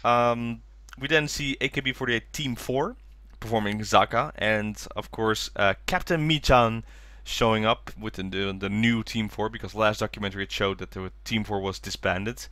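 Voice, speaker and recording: A man co-hosting a podcast, chatting casually as he recaps a documentary, acting out quotes in higher voices. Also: normal speed, sharp tone, no room sound. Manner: enthusiastic, acts out quotes in high voices. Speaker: podcast co-host.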